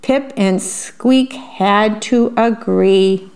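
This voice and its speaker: A woman reading a picture book aloud and pausing to describe the pictures in a chatty aside. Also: mid-range voice, vocal fry, darkish tone. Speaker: storyteller.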